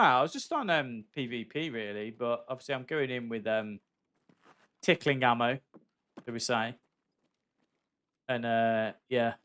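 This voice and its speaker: A man's voice: mid-range voice, fairly bright tone. Chatty man streaming a game. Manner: candid and chatty, swears freely, calls viewers mate. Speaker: gaming livestreamer. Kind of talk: casual live-stream chat while playing.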